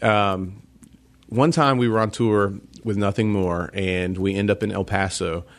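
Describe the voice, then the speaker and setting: Young man, South Carolina accent, low-ish voice; casual guest anecdote, easy laughs. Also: a little slow. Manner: laughs a lot, animated storyteller. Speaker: guest, lead singer. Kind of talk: casual storytelling.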